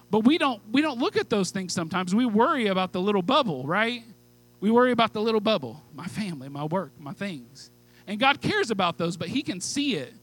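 A man preaching a sermon with fervent, pleading delivery, moving from hushed asides to loud calls. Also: high-pitched, rough recording. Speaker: pastor.

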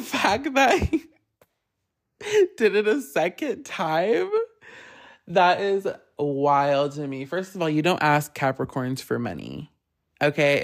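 A podcast host telling a story in a casual solo chat, animated, laughing often and swearing freely. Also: mid-range voice.

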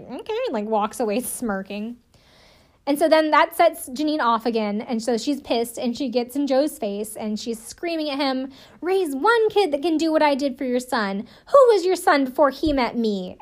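A woman casually recapping a reality TV episode, chatty and profane, filling her talk with "like" and laughing often. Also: on the high side. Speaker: show recapper.

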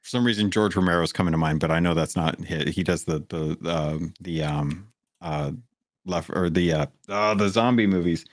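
A man's voice: sits low, moderate pace, no echo, studio quality. A man hosting a gaming podcast, talking casually and rambling with many restarts. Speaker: podcast host. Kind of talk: casual chat.

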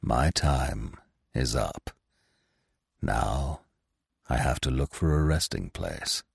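A man voicing a grave, hushed old stag. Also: very deep voice, very animated, creaky, husky, dry recording, studio quality, voice pushed down, heavily acted. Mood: solemn. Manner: slow, hushed, solemn. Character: old wise male stag, grave and calm.

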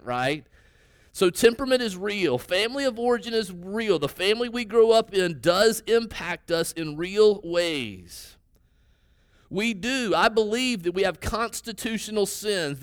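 A man's voice: high-pitched, clean tone, no echo, studio quality. A man preaching a sermon as pastor, in a conversational way that often quotes his listeners and checks in with a "right?". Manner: conversational preaching, tag questions, quoting listeners in their voices.

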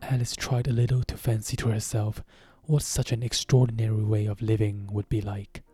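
A man reads a storybook aloud in a calm, measured way. His voice is deep-toned and husky, the pace is very slow, and faint music plays beneath the dry, close sound. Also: no room sound. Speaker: narrator. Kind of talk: storybook reading.

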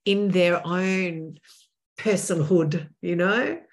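Assertive older woman, lower voice. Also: very slow. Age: 60s. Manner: assertive, acts out what people would say. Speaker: guest. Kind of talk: animated interview talk.

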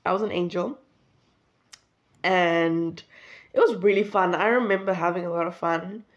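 A woman's voice: on the low side, normal speed, highs cut off. A young woman casually telling a childhood story, rambling and correcting herself as she goes. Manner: chatty, rambling, self-correcting, laughs at herself.

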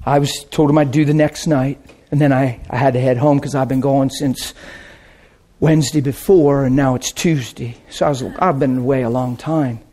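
A man preaching a sermon and telling stories, swinging from loud excitement to hushed, quiet asides. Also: mid-range voice, moderate pace. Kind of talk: sermon storytelling.

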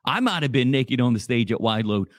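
A man's voice: medium pitch, animated, fairly quick, no room sound, clean studio sound. A man hosting a radio show, chatting casually in a rambling, jokey way. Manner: rambling, jokey, repeats himself.

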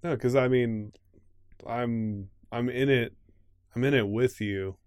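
A man co-hosting a podcast, speaking in a halting, supportive way, with many restarts. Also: medium pitch, darkish tone, clean tone, dry recording, studio quality. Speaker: podcast co-host. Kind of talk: casual podcast chat.

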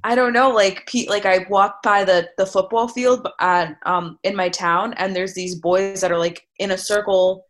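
A young woman with a loud voice chatting casually, acting out her own quotes as she tells stories. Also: mid-range voice, normal speed, few pauses. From New York area. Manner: animated storyteller, acts out her own quotes. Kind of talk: casual chat.

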